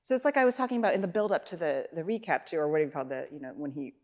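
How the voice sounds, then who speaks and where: This is a violin masterclass in a recital hall, where a woman coaches over live playing at a racing pace. Her low-pitched voice is expressive as she gives quick encouraging cues, repeats her praise and hums the phrases she wants.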